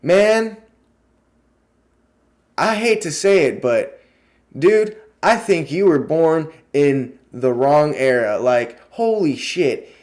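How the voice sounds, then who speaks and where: A young man in a casual review vlog, excitable and rambling, who swears freely and gushes in spurts. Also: a little high, slow pace. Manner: lots of fillers and restarts in a gushing delivery.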